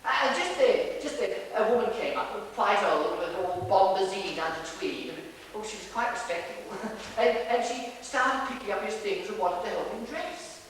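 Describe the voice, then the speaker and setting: A fussy, devoted dresser tells a story in breathless bursts and restarts, played by a man on an amateur stage. The voice comes from far off across a theatre, with a long, booming echo behind it. A faint room ambience sits underneath. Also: expressive, normal speed, hardly any pauses, a bit bright, slight background noise. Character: fussy devoted male dresser, middle-aged. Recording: distant echoey theatre recording.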